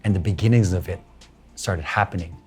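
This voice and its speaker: A middle-aged Filipino interview guest talks a little fast in a low voice, faint music behind him. Animated throughout, he tells his story in English peppered with Tagalog and acts out what other people said.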